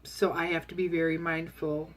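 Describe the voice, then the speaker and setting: A woman with a slightly low voice talks through her diet update in a loose, candid way. She is chatty and rambles, with plenty of ums, and she sounds like she is at home. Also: little pitch movement, moderate pace, very noisy. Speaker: vlogger sharing a diet update. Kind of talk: casual chat.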